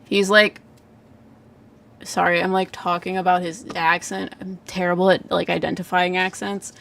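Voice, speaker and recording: A woman's voice: on the low side, level tone, normal speed, gravelly, a bit bright, slight background noise. A woman giving live psychic readings in a casual livestream chat, full of "like" fillers, frequent laughs and casual swearing.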